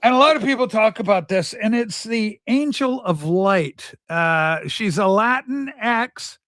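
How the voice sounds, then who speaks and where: A man's voice: high-pitched, expressive, measured pace, a bit bright, no echo, clean studio sound. A man hosting a livestream in a campy, rambling chat, telling stories in a flamboyant persona. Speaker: livestream host. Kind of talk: casual chat.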